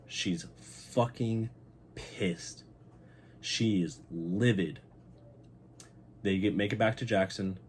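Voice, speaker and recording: A young man hosting his channel, recapping a TV episode in a casual, excited and heartfelt way, swearing freely. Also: sits low, slight background noise. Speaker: channel host.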